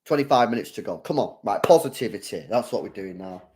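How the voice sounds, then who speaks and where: Quick and slightly rough-voiced, a man commentates on a football match as a thrilled fan while chatting with viewers. His volume leaps from shouting to muttering under his breath.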